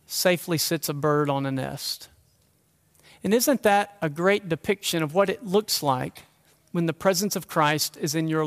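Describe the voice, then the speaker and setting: A man's voice: high voice, a bit bright, clear, resonant tone. A man preaching a sermon as pastor, earnest and conversational, asking the listeners rhetorical questions. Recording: long hall reverb.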